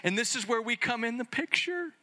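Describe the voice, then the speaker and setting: A man preaching a sermon in an excitable, conversational way, full of fillers and restarts, sometimes acting out little dialogues. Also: very high voice, fairly quick. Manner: acts out little dialogues between Jesus and the Father.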